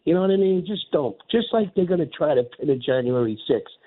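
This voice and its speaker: A man's voice: fairly high pitch, lively intonation, a little fast. Fired-up man on a phone line. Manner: fired-up, rambling, repeats himself. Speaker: radio caller. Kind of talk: call-in radio talk.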